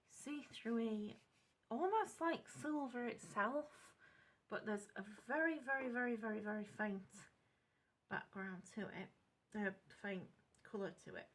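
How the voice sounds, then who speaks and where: A woman with a British accent chatting at her home craft desk while she tests paints. She rambles, corrects herself and drops into soft asides. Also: a little high, a little slow. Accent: British English. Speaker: craft channel host testing paints. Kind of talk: casual craft demonstration chat. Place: home craft desk lit by a clip-on lamp.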